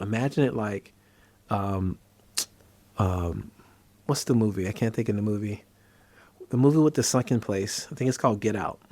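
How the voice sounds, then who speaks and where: The psychiatrist host has a lowish voice captured in a dry recording. Relaxed and conversational, he explains a treatment, shares stories from his practice, and becomes animated while acting out scenes.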